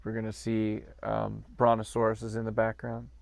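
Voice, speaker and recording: A man's voice: lowish voice, completely flat delivery, normal speed, creaky, no room sound. A man co-hosting a podcast, riffing on a movie in jokey, rambling banter and laughing often. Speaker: podcast co-host.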